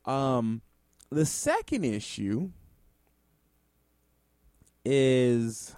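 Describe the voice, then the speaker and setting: A man rants in commentary, heaping sarcasm and curses on what he critiques. His voice sits at an ordinary middle pitch. The sound is dry and close, with no room around it. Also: big pitch swings, drawn-out words, pauses often, darkish tone, dry recording. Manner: sarcastic, profane, exasperated. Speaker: music commentator. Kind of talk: ranting commentary.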